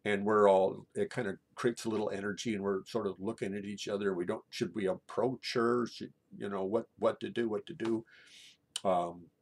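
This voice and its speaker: A middle-aged man telling a true personal story in a halting way, often repeating and restarting his words. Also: on the low side, steady tone, vocal fry.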